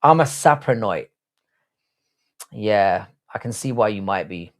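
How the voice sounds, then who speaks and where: A man's voice: on the low side, animated, a little slow. Casual stream host, a South London bloke in his thirties, blunt and sweary, reads chat and bants. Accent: South London English. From England. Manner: profane, blunt, banter reading chat aloud. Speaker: livestream host. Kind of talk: casual live watch-along chat.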